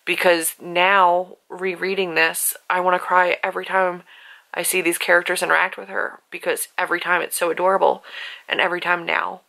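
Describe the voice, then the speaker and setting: A woman's voice: lowish voice, little pitch movement, brisk, vocal fry, pushed and bright, poor audio. A woman talking casually on her vlog about a book she is rereading, chatty and openly emotional, often saying "like". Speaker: author and book vlogger.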